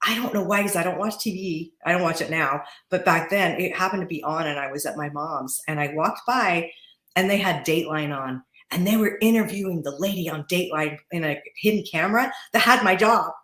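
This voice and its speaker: A woman in her forties, a podcast guest talking casually, chatty and quick to laugh, often restarting and repeating words. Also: on the low side, a bit bright, roomy sound. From Utah. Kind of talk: casual interview talk. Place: podcast studio.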